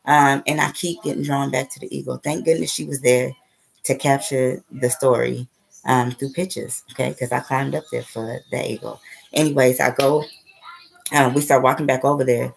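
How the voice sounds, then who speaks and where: A woman's voice: a bass voice, flat delivery, normal speed, creaky, slight background noise, poor audio. A woman telling a story in a casual, rambling way. She swears freely and keeps checking in with "okay?" and "right?". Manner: rambling and profane, with frequent "okay?" and "right?" asides. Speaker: spiritual vlogger.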